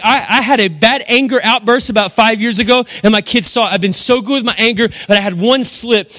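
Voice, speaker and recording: A man's voice: very high voice, bright, forceful tone. A middle-aged man preaching a sermon as pastor, emphatic and repetitive, with rhetorical questions. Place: church hall. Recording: long hall reverb.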